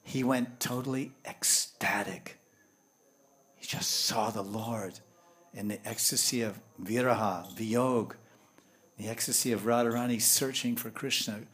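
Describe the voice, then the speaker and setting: A man giving a devotional lecture in English with Sanskrit and Hindi terms, telling lively stories and swinging from hushed tones to loud bursts. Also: medium pitch, a little slow. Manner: animated, acts out voices and laughter, swings from hushed to loud. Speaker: spiritual teacher.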